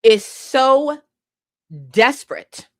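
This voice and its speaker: A woman's voice: high voice, lively intonation, drawn-out words, dry recording, studio quality. A woman hosting a podcast, ranting about politics in a heated, profane way and sometimes laughing at herself. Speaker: podcast host.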